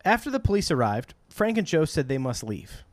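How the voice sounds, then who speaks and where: A man's voice: fairly high pitch, big pitch swings, fairly quick, no echo. A man hosting a podcast who reads passages aloud and cracks dry jokes between them, chuckling often. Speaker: podcast host. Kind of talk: casual comedic book reading and discussion.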